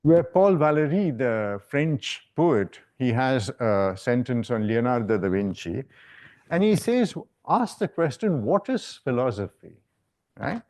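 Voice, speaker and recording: Speaking unhurriedly with lively intonation, a man delivers an academic lecture as a professor in a lecture hall. His pitch is medium and his tone darkish, and his discursive talk keeps returning to the check-in tag "right?".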